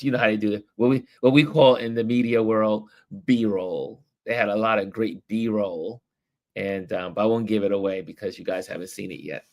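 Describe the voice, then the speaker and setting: A man hosting a casual late-night livestream, chatting in a rambling, easygoing way and breaking into animated voices when he quotes people. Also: on the low side. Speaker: livestream host.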